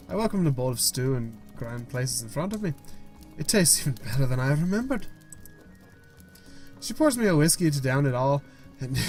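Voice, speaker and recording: A man's voice: on the high side, lively intonation, fairly quick, a little mellow, faint music behind. A man hosting a gaming video, reading a story game aloud with stumbles, restarts and side comments.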